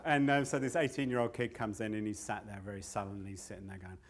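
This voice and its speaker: Fast and steady in tone, a fairly low-pitched male voice carries this live standup set. The speaker, an older comedian and storyteller, keeps things loose and profane and often laughs at his own stories.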